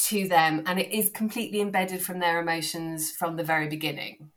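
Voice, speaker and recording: Woman, British accent, low pitch, casual podcast chat, enthusiastic, rambling. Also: level tone, fairly quick, a bit bright. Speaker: guest author.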